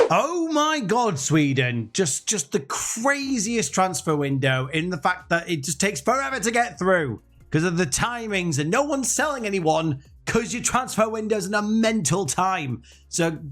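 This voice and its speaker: Young gaming commentator, high and animated, rambling and jokey. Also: male voice, moderate pace. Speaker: gaming YouTuber. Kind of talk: let's-play commentary.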